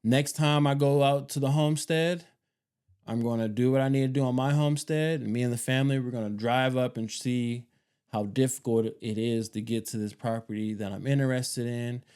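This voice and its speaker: A man in his thirties talks through his plans in a loose, rambling vlog style, circling back and repeating points. His voice is mellow and smooth, with an easy, unhurried warmth. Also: mid-range voice, steady tone. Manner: rambling, repeats himself, casual slang. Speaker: homestead channel host. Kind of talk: casual vlog talk.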